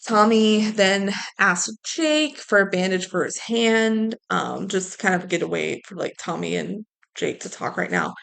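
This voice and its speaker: A woman's voice: medium pitch, unhurried, creaky, hardly any pauses, fairly bright tone. A woman co-hosting a podcast, chatting casually through a movie recap, laughing and quoting characters. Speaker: podcast co-host.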